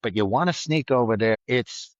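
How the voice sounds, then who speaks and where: A middle-aged man, a retired trooper, telling a story in a blunt, vivid way, loudly acting out the lines of the people he quotes. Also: mid-range voice, moderate pace, dry recording, highs cut off. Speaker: retired state trooper guest. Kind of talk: casual storytelling in a podcast interview.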